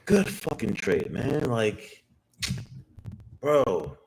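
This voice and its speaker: A young man with a fairly low speaking voice talks to himself while day trading, cursing constantly in loose slang. He keeps repeating himself, then breaks into high-pitched excited shouts whenever a trade moves. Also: extremely slow, gravelly, a little hiss or hum. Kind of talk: live trading vlog, talking to himself.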